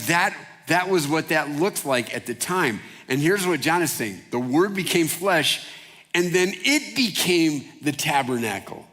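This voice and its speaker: A pastor giving a casual, animated sermon, often acting out quotes in voices. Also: male voice, fairly high pitch. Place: church hall. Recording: long hall reverb.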